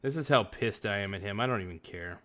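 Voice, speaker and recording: A man's voice: on the low side, fast talker, bright, forceful tone, no room sound. A man streaming an angry rant, reading out messages and swearing heatedly. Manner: heated, profane, reads messages aloud and rants.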